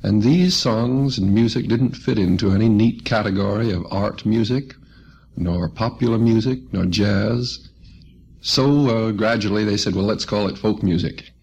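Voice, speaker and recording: A man's voice: fairly low pitch, a little slow, vocal fry, a little mellow, breathy edge. A man being interviewed as a folk musician in a radio studio, telling stories in a folksy way and acting out quoted voices. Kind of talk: relaxed storytelling radio interview. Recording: muffled old radio recording.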